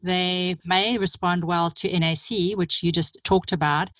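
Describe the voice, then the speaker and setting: An enthusiastic woman hosts an interview, her voice on the lower side for a woman. She talks at length in an eager, chatty way, and the recording is dry and close. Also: steady tone, measured pace, a bit bright, no echo. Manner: enthusiastic, talkative. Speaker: summit host. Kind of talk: interview hosting.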